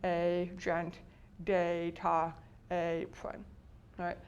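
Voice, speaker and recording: Patient woman teaching phonics, low voice. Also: completely flat delivery, drawn-out words, clean tone, highs cut off. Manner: patient, explanatory, asks rhetorical checks. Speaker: teacher educator.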